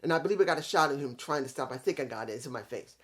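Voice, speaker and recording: A man reviewing a wrestling event in casual talk, animated and retelling scenes with his own restarts. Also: medium pitch, rapid-fire. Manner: animated, acts out quotes, restarts. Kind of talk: casual recap and opinion talk.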